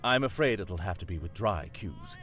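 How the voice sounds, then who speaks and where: An actor playing a boastful, condescending older sea captain in a game. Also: male voice, low-pitched, animated, moderate pace, fairly bright tone, faint music behind. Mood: pompous. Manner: pompous, condescending. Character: pompous boastful old male sea captain.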